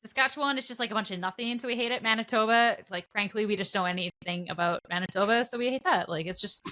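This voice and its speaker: A young Canadian woman co-hosting a podcast, rambling in casual chat with lots of fillers and trailing off quietly. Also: medium pitch, fast. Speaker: podcast co-host.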